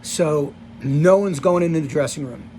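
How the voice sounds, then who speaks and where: This sixty-something man vlogs casually about his rock-tour days, rambling and leaning on "you know" and "like." He speaks at normal speed in a fairly high, mellow voice, with a little hiss or hum on the recording.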